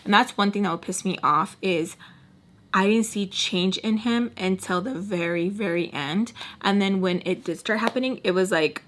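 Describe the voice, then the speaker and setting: A woman's voice: medium pitch, moderate pace. A young woman casually telling a personal story to her followers, candid and chatty, with lots of "like" and frank swearing. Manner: chatty and candid, heavy use of "like"; animated retelling, swearing freely. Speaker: storytime vlogger.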